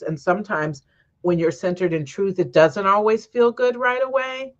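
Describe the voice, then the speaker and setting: Soft-spoken woman coach, lo-fi sound. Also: medium pitch, fairly even intonation, normal speed. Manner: soft-spoken guiding, then emotional and laughing. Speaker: podcast host and coach. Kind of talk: guided breathwork and casual chat.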